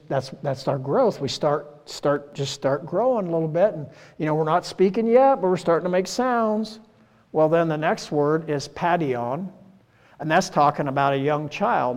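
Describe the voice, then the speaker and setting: A man in his sixties preaching a conversational sermon, folksy and full of rhetorical questions. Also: a little high. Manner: folksy, rhetorical, peppered with "right?" and "you know". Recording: long church-hall reverb.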